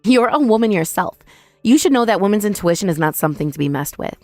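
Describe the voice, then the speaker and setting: A woman's voice: medium pitch, expressive, fast talker, darkish tone, dry recording, faint music behind. A young woman telling a first-person dramatized story in an indignant, accusing manner. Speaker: narrator and protagonist.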